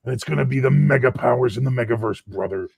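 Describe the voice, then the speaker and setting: A man putting on a shouting pro wrestler impression in a loud wrestling promo style. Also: mid-range voice, quick pace, vocal fry, slightly rough, no room sound, clean studio sound, pitched above the performer's own voice. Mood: pumped up.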